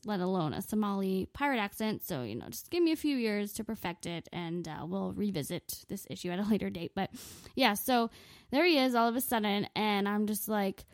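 Woman, 20s, comic storytelling, profane, sarcastic, self-mocking, mid-pitched, dry close sound. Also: no room sound. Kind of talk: comedic storytelling monologue.

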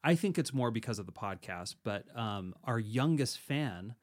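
A man's voice: fairly low pitch, lively intonation, normal speed. A man co-hosting a podcast and teaching meditation in casual chat, rambling and self-correcting, laughing easily.

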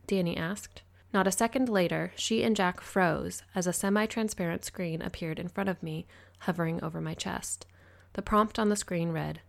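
Woman, audiobook narrator, first-person story, measured delivery, lowish voice, gravelly. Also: fairly even intonation.

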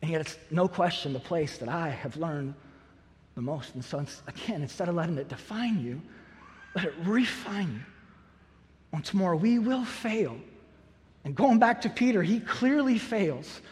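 A man's voice: high voice, lively intonation, measured pace, a little mellow. A man preaching a sermon as a pastor, earnest and driving home key phrases by repeating them. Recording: long hall reverb.

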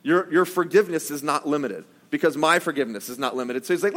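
A male pastor with a high-pitched voice gives a relaxed, joking sermon, acting out quotes as he goes. His voice rings with the long reverb of a church hall. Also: quick pace. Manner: conversational, joking asides, acts out quotes. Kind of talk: casual sermon.

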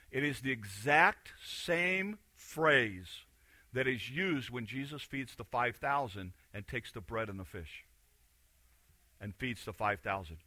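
A man's voice: medium pitch, bright, forceful tone, no room sound. A man preaching a sermon in a conversational, emphatic way, repeating key phrases. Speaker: pastor.

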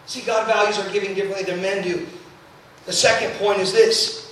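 High, bright preacher in echoing hall. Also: male voice, slight background noise. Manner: animated, acts out quoted voices, quick asides. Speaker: traveling youth preacher. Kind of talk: storytelling sermon. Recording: echoey hall, mic at a distance.

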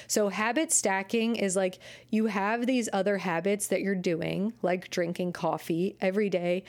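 A woman's voice: medium pitch, a little mellow. A young adult woman hosting a casual solo podcast about dog training, chatty and rambling, often correcting herself and laughing at her own examples.

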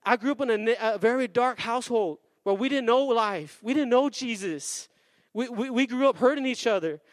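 A man preaching a sermon as pastor, energetic with call-and-response and slowing down for emphasis. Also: very high voice, no room sound. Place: church sanctuary.

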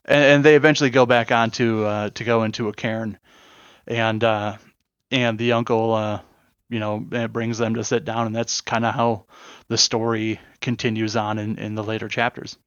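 A man's voice: lowish voice, little pitch movement, normal speed, a bit bright, clear, resonant tone, no room sound, lo-fi sound. A man co-hosting a podcast, retelling a story casually with lots of "uh" and "you know" fillers. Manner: rambling retelling full of fillers. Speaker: podcast co-host. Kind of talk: casual review chat.

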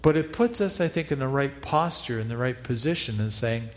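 A man's voice: mid-range voice, animated, a little fast, long reverb tail. A man preaching a reflective New Year sermon as pastor, leading listeners in repeated prayer.

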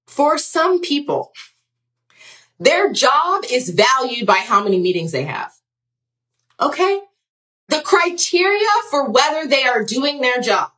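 A woman's voice: sits high, fairly bright tone, distant mic. A woman hosting a career advice talk, frank and sassy, asking rhetorical questions and acting out what people say. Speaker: podcast host giving career advice. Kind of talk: candid advice monologue.

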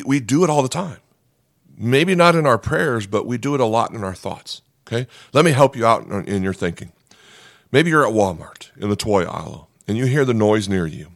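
A man preaching a sermon in an animated, conversational way, often checking in with the listeners. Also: on the low side, no echo, clean studio sound. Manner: animated, conversational preaching with frequent "right?" asides. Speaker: pastor.

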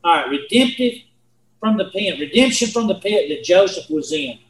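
A man's voice: high-pitched, lively intonation, moderate pace, echoey room, rough recording. A man teaching a Bible lesson in a folksy, earnest way, repeating himself and asking his listeners questions. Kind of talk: sermon.

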